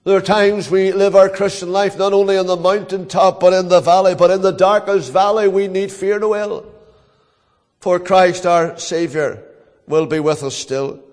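An older man with a Northern Irish accent preaching a sermon as a pastor, telling stories earnestly with dramatic pauses. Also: sits high, steady tone, darkish tone, long reverb tail.

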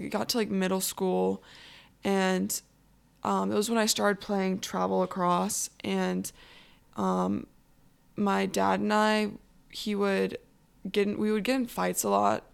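A teenage girl telling her own personal story in a halting way, full of fillers. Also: mid-range voice, vocal fry, smooth. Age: teens. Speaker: anonymous guest.

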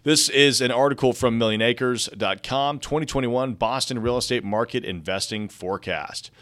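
Reading real estate articles aloud on his casual news podcast, a young male host keeps interrupting himself with chatty asides. His voice is mid-range and a bit bright, at normal speed, and the talk is casual market news commentary.

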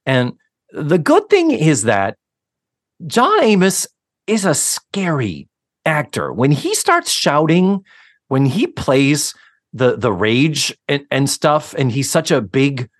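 A man co-hosting a podcast, casually recapping a sitcom episode in an animated, storytelling way with some casual swearing. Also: on the high side, takes it slowly, dry recording, studio quality. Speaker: podcast co-host.

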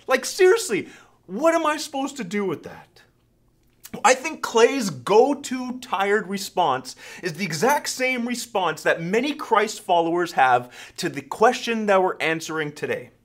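A man in his thirties, a pastor, giving an animated sermon-style talk, telling stories and restarting his sentences now and then. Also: high-pitched, takes it slowly. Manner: animated, storytelling, self-correcting.

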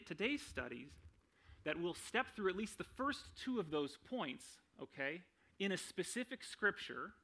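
Bright-voiced man preaching conversationally. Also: on the high side. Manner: conversational, frequent "right?" tag questions; self-deprecating humor. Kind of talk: sermon.

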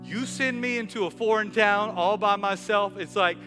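A male pastor preaching an energetic sermon in a church, with repeated call-and-response lines. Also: high voice, moderate pace. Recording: reverberant hall with faint music.

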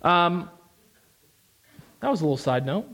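A young American man preaches a sermon in a high voice at a slightly slow pace. He's animated and emphatic, repeating phrases and tossing in casual asides.

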